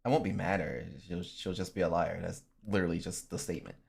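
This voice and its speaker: A man's voice: sits low, fairly even intonation, quick pace, vocal fry, slightly rough. A man chatting casually on a livestream, swearing freely and often breaking into laughs. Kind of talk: casual stream chat.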